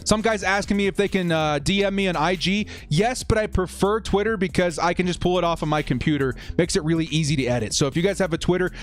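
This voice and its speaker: A man's voice: high-pitched, fast talker, hardly any pauses. Hyped young man streaming a game. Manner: excitable, hyped, chatty with viewers. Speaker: live stream host. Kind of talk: excited live commentary on a watch party stream.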